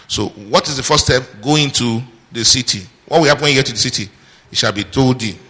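Reading scripture aloud in a hall with long reverb, this preacher has a mid-range, fairly bright voice. He quizzes his congregation through call-and-response questions during the sermon.

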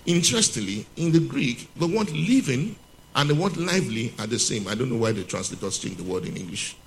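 A man preaching a sermon to a congregation, reading scripture slowly and asking rhetorical questions he answers himself. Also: mid-range voice, expressive, gravelly, slight background noise. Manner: repeats key points for emphasis; reads scripture slowly and emphatically.

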